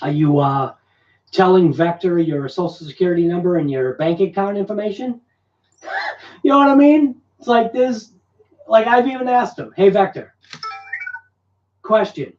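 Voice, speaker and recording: A man's voice: high-pitched, lively intonation, moderate pace, long pauses, a little mellow. A man hosting a casual live stream in a room at home, rambling and joking and laughing often. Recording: echoey room, distant dull mic.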